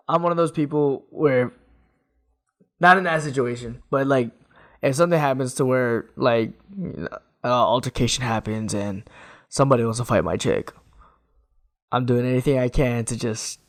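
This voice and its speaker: Gravelly, blunt podcast guy. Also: medium pitch. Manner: laid-back, blunt, lots of "like" fillers. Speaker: podcast co-host. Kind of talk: casual chat.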